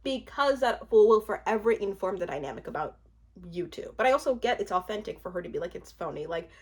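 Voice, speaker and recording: A woman's voice: medium pitch, expressive, quick pace, husky. A woman in her twenties giving casual, chatty commentary on a reality show, laughing often and trailing off into restarts. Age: 20s.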